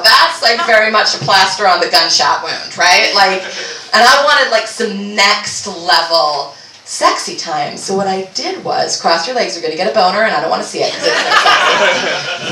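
Brash crude woman doing stand-up, bright voice swinging all over, echoey room, mic kinda far. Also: mid-range voice, a little hiss or hum. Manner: brash, crude, bursts into sudden shouts and squeals. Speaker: stand-up comedian. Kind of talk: stand-up comedy set.

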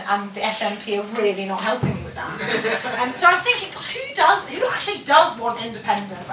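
A woman's voice: on the high side, distant mic, noisy background. A Scottish woman doing a stand-up routine with dry, wry delivery. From Scotland. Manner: deadpan, wry, with sudden loud character voices. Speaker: stand-up comedian. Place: large hall with an audience. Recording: echoey live hall, mic heard from afar.

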